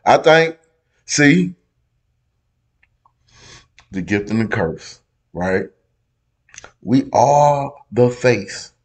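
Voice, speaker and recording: A man hosting a reaction video, giving casual, profane commentary on a debate clip and swinging between loud outbursts and low asides. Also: animated, drawn-out words, long pauses.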